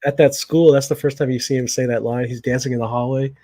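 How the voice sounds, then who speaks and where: A man's voice: medium pitch, fairly even intonation, quick pace, mellow, dry recording. A man co-hosting a casual podcast, chatting about a comedy movie and acting out its lines between laughs. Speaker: podcast co-host.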